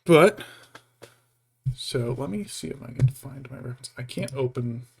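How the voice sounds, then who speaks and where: A young man chats casually on a live stream as he paints miniatures, rambling and cutting himself off with jokes, slipping into baby-talk with his pet between asides. His mid-range voice is animated and creaky, at a moderate pace, with a slight hiss or hum in the audio.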